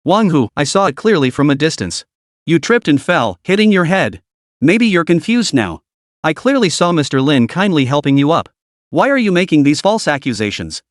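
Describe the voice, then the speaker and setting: A man voicing a smooth middle-aged boss who speaks calmly and authoritatively in a comic recap. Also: on the high side, moderate pace, dry recording, clean studio sound. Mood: commanding. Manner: calm, steering, authoritative.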